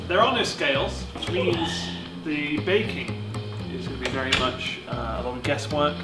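Deadpan jokey man in an echoey kitchen. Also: fairly high pitch, normal speed. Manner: deadpan, rambling jokey commentary. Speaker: vlogger baking cookies. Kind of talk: casual cooking vlog chat. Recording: echoey kitchen with music bed.

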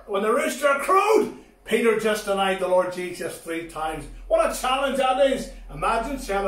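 A man giving a children's sermon, swinging from loud exclamations to hushed, low phrases. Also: sing-song, normal speed, recorded from a distance. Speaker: children's ministry preacher. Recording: echoey room, voice from off the mic.

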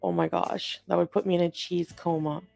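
A woman's voice: on the low side, steady tone, brisk, gravelly, a little mellow, no room sound, clean studio sound, soft background music. A woman talking to camera in an upbeat, chirpy vlog style. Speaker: vlogger.

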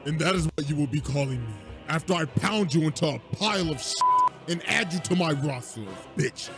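A man's voice: a little high, animated, a little fast, music in the background, voice pushed down. A man voicing a big, crude male orc warrior who taunts his enemy boastfully. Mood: taunting.

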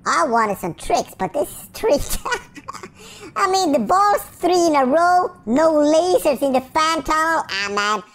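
A woman's voice: high voice, big pitch swings, takes it slowly, a bit bright, exaggerated voice. A woman voicing a goofy, childish baby hedgehog while commenting on a game, full of silly rhymes, made-up sound effects and sudden yelps. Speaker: gameplay commentator in character.

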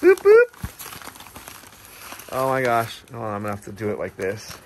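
A man hosting a casual vlog, opening a viewer's gift and reading her letter aloud, bursting into excited exclamations and stumbling over words as he reads. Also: lowish voice, fast, noisy background. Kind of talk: casual chat to camera.

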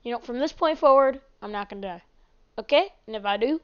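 A woman's voice: a little high, animated, quick pace, clear, resonant tone. A woman giving rambling, chatty let's play commentary as a gaming host, often apologizing. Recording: dull lo-fi mic.

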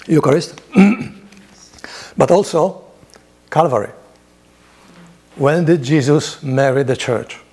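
The speaker is a male priest with a fairly high pitch, a slow pace, and frequent pauses; his voice is a little mellow with a breathy edge. At a church Bible study, he reads scripture in a lifted voice and then explains it plainly, adding rhetorical questions along the way.

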